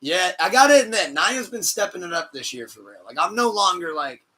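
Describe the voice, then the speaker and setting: A man hosting a podcast in casual chat, excitable and swearing, laughing often. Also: high-pitched, fairly quick, slightly rough. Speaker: podcast host.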